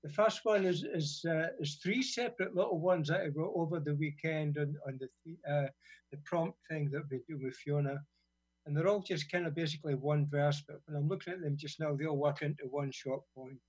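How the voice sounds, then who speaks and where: Husky British man reading poems. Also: a little high, brisk. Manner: wry, relaxed chat between blunt, sweary verses. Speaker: poet on community radio. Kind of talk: reading his own poems aloud. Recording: dull lo-fi radio sound.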